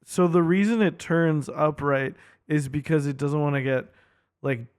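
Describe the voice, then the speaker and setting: A man's voice: a little high, fairly even intonation, measured pace, darkish tone, smooth, dry recording, clean studio sound. A man co-hosting a casual film podcast, rambling with many fillers and joking around. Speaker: podcast co-host. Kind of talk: casual chat.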